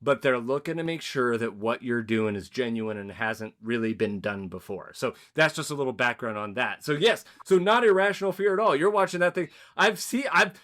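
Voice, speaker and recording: A man's voice: medium pitch, normal speed, hardly any pauses, fairly bright tone. A man hosting a podcast, chatting casually with his guest, affirming her and laughing along. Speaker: podcast host. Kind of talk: casual interview chat.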